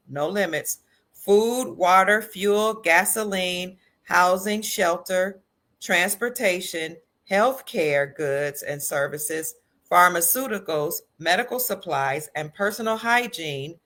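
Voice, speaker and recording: A woman hosting a livestream, reading a definition aloud in a measured way. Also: lowish voice, a bit bright. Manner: measured, reads lists steadily. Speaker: host.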